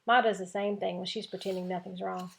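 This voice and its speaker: Teacher lady reading a kids' novel out loud, gravelly voice, lively with the dialogue. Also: medium pitch, brisk, a little hiss or hum. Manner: expressive, lively voicing of dialogue. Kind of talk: reading a chapter book aloud.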